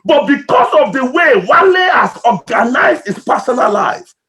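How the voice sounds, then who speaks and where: A man preaching with a very high voice that leaps and plunges across a huge range. He is a pastor from Nigeria, impassioned and emotional, bursting into shouts and then falling to near-whispers. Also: sing-song, normal speed. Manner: impassioned preaching with sudden shouts and hushed drops. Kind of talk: sermon.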